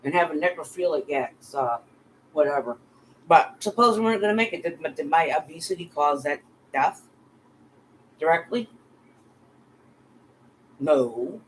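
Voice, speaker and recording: A woman's voice: sits low, animated, measured pace, long pauses, poor audio. Middle-aged woman vlogger, angry and profane, faint noise underneath. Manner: profane, heated, addresses bullies directly. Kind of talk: angry direct-to-camera rant.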